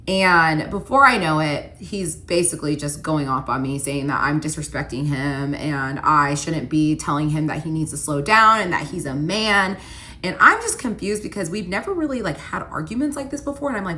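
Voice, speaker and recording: A young woman telling a personal story in a casual vlog, retelling it with lively quoted voices. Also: low voice, moderate pace. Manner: animated retelling, quoting both sides in voices. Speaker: storyteller vlogger.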